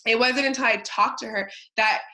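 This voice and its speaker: A woman's voice: fairly high pitch, steady tone, moderate pace, pushed and bright, low-quality recording. A woman in her thirties giving a chatty motivational talk, telling a personal story with lots of fillers. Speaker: motivational speaker.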